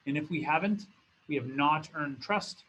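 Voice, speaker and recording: Man, professor giving a recorded lecture, slightly high voice, conversational, faint background hiss. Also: moderate pace, sharp tone, low-quality recording. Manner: conversational, repeats and restarts phrases. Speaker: business school professor. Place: classroom or studio with a document camera.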